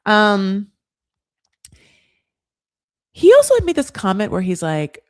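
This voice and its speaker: An American woman hosting a reality TV recap in casual talk, blunt and profane, with sarcastic rants, many fillers and quick asides. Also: mid-range voice, huge pitch swings, a little mellow. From United States.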